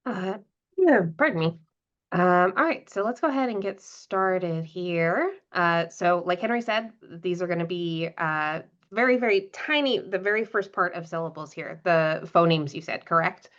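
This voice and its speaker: A woman's voice: on the low side, animated, normal speed, fairly bright tone. A woman co-hosting a webinar, hesitant and filler-laden as she passes along questions. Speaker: webinar co-host. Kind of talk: webinar moderation. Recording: muffled lo-fi audio.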